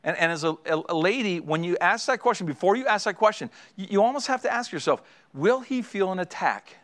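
A man's voice: high-pitched, lively intonation, fast talker, fairly bright tone. A middle-aged man preaching a sermon as a pastor, earnest and exhorting, driving points home with repeated phrases.

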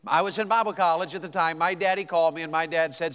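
A man from Tennessee with a Southern accent, preaching a sermon, telling folksy stories with quick asides and slow, emphatic lines. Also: a little high, steady tone, fairly bright tone. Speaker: pastor. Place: church auditorium. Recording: long hall reverb.

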